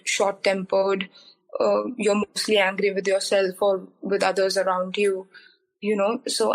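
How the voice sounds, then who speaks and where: A young woman talks on a podcast in a candid, earnest way, leaning on fillers as she goes. Her pitch is mid-height and stays fairly flat, with little rise and fall. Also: low-quality recording. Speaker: guest. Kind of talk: podcast interview.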